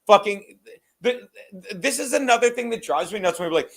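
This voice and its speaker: A man's voice: extremely high pitch, expressive, quick pace, fairly bright tone. A man co-hosting a podcast in casual chat, profane, rambling and self-mocking. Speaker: podcast co-host.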